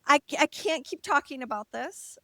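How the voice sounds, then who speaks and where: A high-pitched woman co-host tells a frank personal story and acts out quotes as she goes. Her voice is dry and close to the mic. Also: moderate pace, no room sound. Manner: animated, laughs, acts out quotes; candid, occasional swearing. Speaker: podcast co-host.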